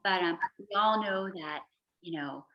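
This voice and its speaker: A woman hosting a casual chat, effusive and emotional, chatty and quick to laugh. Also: on the low side, lo-fi sound. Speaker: host, interviewer.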